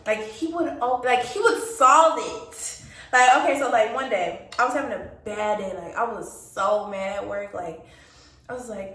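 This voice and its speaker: A woman's voice: on the high side, expressive, moderate pace, fairly bright tone, reverberant, distant mic. A young woman casually telling a dating storytime, chatty, laughing often and acting out the lines people said. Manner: chatty, laughs often, acts out quoted dialogue. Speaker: storytime vlogger.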